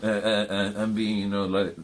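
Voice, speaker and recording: A man's voice: lowish voice, flat delivery, moderate pace. A man co-hosting a podcast in casual chat, crude and joking, often laughing. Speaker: podcast co-host.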